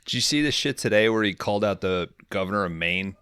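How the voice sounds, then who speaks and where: A young man riffs through a movie recap on a podcast, swearing freely and rambling between jokes. His fairly low voice comes across bright and forceful. The sound is dry and close to the mic. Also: expressive, smooth, no echo. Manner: profane, rambling, acts out characters in quick voices. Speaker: podcast co-host recapping a film. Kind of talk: casual comedic movie recap.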